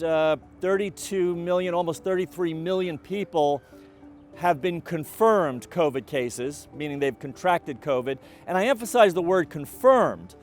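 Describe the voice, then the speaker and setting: A middle-aged man giving a college president's video update, speaking in a measured, deliberate way with frequent fillers and restarts. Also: a little high.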